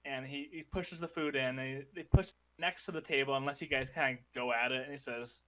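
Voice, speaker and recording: A man's voice: medium pitch, steady tone, fairly quick, bright, forceful tone. A man as game master, describing characters and scenes of a tabletop game.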